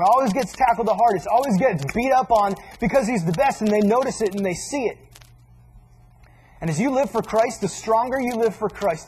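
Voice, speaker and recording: A man preaching a sermon in a casual, animated way, acting out little asides as he teaches. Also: high voice, a little hiss or hum, low-quality recording.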